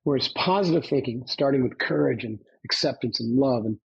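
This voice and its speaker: The recording sounds dull as a former Navy SEAL, guesting on a podcast, narrates his past with coach-like emphasis and regular "right?" check-ins. His mid-range voice is brisk, creaky and edged with breath.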